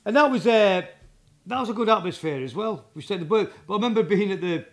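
A man's voice: high-pitched, lively intonation. Rambling man telling stories. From England. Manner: rambling, halting anecdotes with many restarts. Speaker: interview guest, band drummer. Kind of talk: casual storytelling interview.

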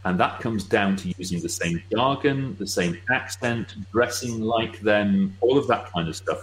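A middle-aged British man speaking as a guest expert, explaining with brisk, wry asides. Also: on the low side, rough recording. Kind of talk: casual explanatory chat.

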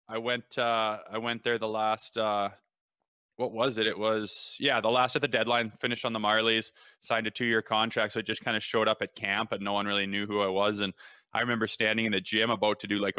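A man co-hosting a sports show, a former pro player telling stories in a relaxed, casual way. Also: lowish voice, clean tone, dry recording, studio quality. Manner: laid-back, storytelling, frequent "man" and "hey".

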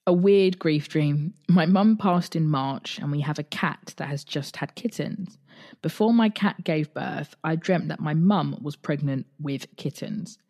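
A woman's voice: deep voice, measured pace. A woman, hosting a podcast in casual chat, reading listener stories and retelling her own with laughs. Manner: chatty, laughing, animated retelling. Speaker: podcast host.

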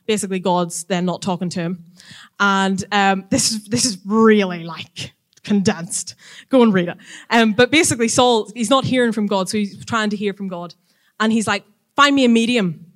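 Woman, mid-range voice, chatty church teacher, casual sermon, animated storytelling. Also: mid-range voice, normal speed.

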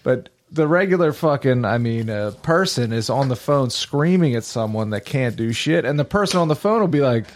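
A man riffing loosely on a podcast, venting with plenty of swearing and frequent laughs. His voice sits at an ordinary, middle-of-the-road pitch. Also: expressive, moderate pace, few pauses. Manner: sweary, ranting about the system, laughs along. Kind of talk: casual chat.

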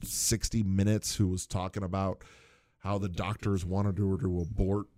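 A man's voice: deep voice, flat delivery, normal speed, warm tone, dry recording, studio quality. A man in casual chat, animatedly retelling cartoon scenes, laughing often and mimicking characters.

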